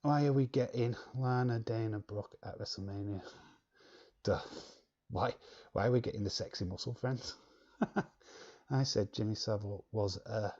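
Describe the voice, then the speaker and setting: Man, blunt chatty stream host, mellow dark tone, husky. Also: fairly low pitch, unhurried, pauses often, lo-fi sound. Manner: chatty, blunt, laughs often. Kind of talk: casual chat reading viewer comments.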